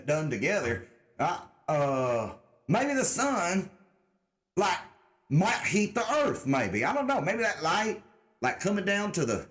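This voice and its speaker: A young man hosting a casual livestream, rambling and sarcastic, cursing freely and putting on a joking mock-redneck drawl. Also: fairly high pitch. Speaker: livestream host.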